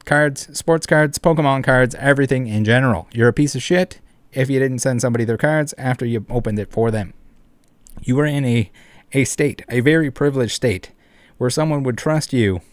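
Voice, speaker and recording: Guy ranting on his channel, swears a lot, mid pitch, dry close sound. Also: no room sound. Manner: indignant, profane, emphatic. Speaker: commentary channel host. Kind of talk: online commentary rant.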